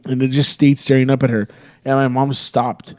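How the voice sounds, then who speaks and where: A young man, a podcast co-host, spins a rambling and profane story in a laid-back, casual voice. His pitch sits in a normal middle range. He comes across as easygoing and unhurried. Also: level tone. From Texas.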